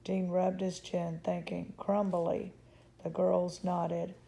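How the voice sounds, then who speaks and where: Slow, gravelly woman reading a storybook. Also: fairly low pitch. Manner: calm, measured, occasional restarts. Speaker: children's book reader.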